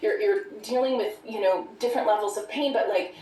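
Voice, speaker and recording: A woman's voice: mid-range voice, fairly quick, dark tone, a little hiss or hum. Passionate woman, echoey and distant. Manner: passionate, outspoken. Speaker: podcast guest. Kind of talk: casual conversation.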